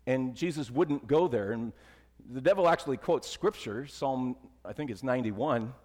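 A male pastor delivers a conversational sermon at a middle pitch, often easing into soft, emphatic lows. His voice carries a long reverb that trails through the church. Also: lively intonation, normal speed.

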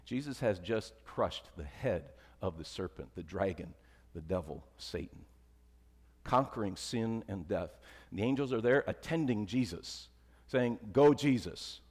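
A man's voice: animated, measured pace, husky. Man preaching in a reverberant church. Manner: conversational preaching, dropping to soft emphatic lows. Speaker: pastor. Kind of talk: sermon.

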